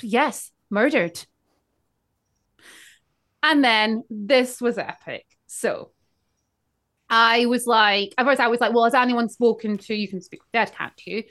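Lively woman co-host telling a story. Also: fairly high pitch, normal speed. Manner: animated, acts out quoted characters. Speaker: podcast co-host. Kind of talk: casual storytelling recap.

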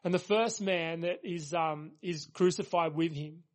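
A pastor preaching a sermon, earnest and emphatic, leaning on repeated phrases for weight. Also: male voice, fairly high pitch, measured pace.

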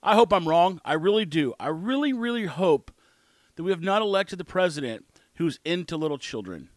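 Lively, chatty man hosting a podcast. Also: on the high side, moderate pace, dry recording. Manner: rambling, opinionated, conversational. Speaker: podcast host. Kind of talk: casual rant monologue.

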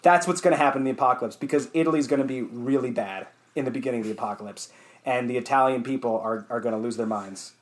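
A man's voice: mid-range voice, fast. A man co-hosting a podcast in casual comedic chat, rambling and swearing as he riffs. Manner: rambling, profane, self-deprecating. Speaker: podcast co-host.

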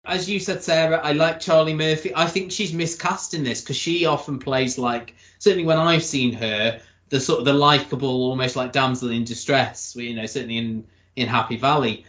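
A man's voice: medium pitch, fairly even intonation, moderate pace, hardly any pauses, a bit bright. A man hosting a TV review podcast, chatting casually with chuckling asides. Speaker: podcast host. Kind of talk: casual chat. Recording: roomy echo.

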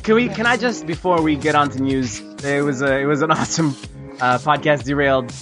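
A man hosting a casual gaming podcast, excitable, swearing and laughing often. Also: on the high side, brisk, over music. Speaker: podcast host.

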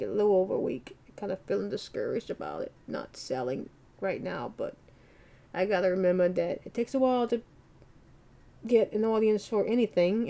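A woman hosting a solo podcast, talking in a rambling, self-deprecating, soft-spoken way. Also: medium pitch, creaky. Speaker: podcast host. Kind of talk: casual solo podcast monologue.

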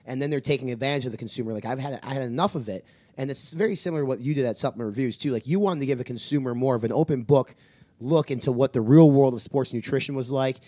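A man's voice: medium pitch, fast, warm tone, no room sound. A man hosting a fitness podcast in casual chat, blunt and ranting with lots of swearing. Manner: blunt, heavy swearing, rants. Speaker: podcast host.

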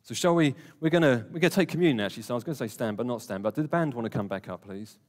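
Preaching in a church hall, this man has a mid-range, slightly mellow voice and an animated, rapid-fire delivery. His manner is earnest and conversational, and he poses questions to the congregation. Long hall reverb fills the recording.

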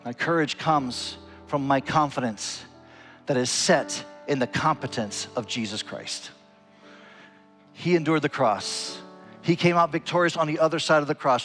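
A man preaching to his congregation, earnest and emphatic, swinging from lifted, urgent phrases to low, quiet ones. His voice sits a little on the high side. A guitar plays faintly behind him. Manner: earnest preaching with wide swings in pitch and loudness. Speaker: pastor. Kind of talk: sermon.

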